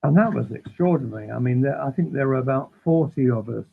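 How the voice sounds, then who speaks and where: A man guesting on an interview, telling animated, rambling anecdotes that keep interrupting themselves. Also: medium pitch, fast, vocal fry, breathy edge. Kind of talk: casual storytelling. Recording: tinny phone-like line.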